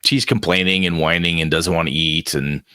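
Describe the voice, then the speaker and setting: A man narrating as game master of a tabletop game in an animated, storytelling manner. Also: low voice, moderate pace, clear, resonant tone, dry recording, studio quality.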